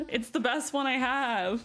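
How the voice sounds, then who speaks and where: Woman, Southern American accent, streamer, casual chat, giggly, bright greetings, soft music underneath. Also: high-pitched. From Southern United States. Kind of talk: casual chat with live stream viewers while building.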